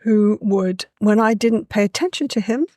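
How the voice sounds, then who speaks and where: A woman tells stories in a lively, chatty way and often says "you know." Her voice sits at an ordinary middle pitch. The recording is dry and close, with almost no room sound. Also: normal speed, no echo. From England. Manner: lively, warm-hearted, with a frequent "you know". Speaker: guest. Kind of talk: casual conversational storytelling.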